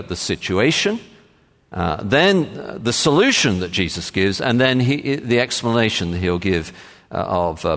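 A man preaching a sermon as pastor, measured and emphatic, with frequent pauses and "uh" fillers. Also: mid-range voice, fairly bright tone. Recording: long reverb of a large hall.

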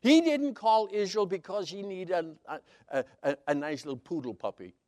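A man's voice: high-pitched, lively intonation, normal speed, darkish tone, no echo. A man preaching a sermon as Bible teaching, stressing key words emphatically and explaining Hebrew terms one by one.

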